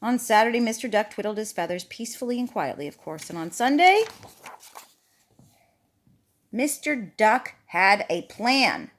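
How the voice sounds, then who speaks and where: A woman's voice: mid-range voice, lively intonation, unhurried, pauses often. A woman reading a picture book aloud to a child, chatty and playful, stopping to talk about the pictures. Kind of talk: storybook read-aloud to a child.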